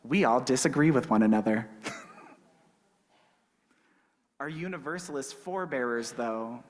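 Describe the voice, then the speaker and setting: A young man minister tells a personal story from the pulpit in an easy, conversational way, with flashes of humor. His voice sits at an ordinary middle pitch. Long reverb from the sanctuary trails each phrase. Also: takes it slowly. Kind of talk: storytelling sermon. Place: church sanctuary.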